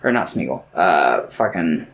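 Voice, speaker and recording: A man's voice: sits low, very animated, unhurried. A young man co-hosting a casual podcast chat, telling stories animatedly, swearing and acting out quotes. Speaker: podcast co-host.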